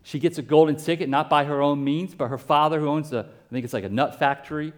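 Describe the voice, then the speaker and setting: A pastor preaching a sermon in a conversational way, with asides and everyday comparisons. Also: male voice, a little high, fairly even intonation, quick pace.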